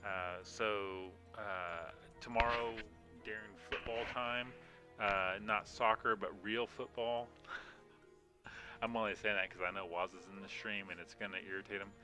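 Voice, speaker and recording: A man on the low side of pitch speaks unhurriedly with fairly even intonation, over music. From his home room he streams a mobile game, rambling through casual chat with viewers amid lots of yawns and fillers.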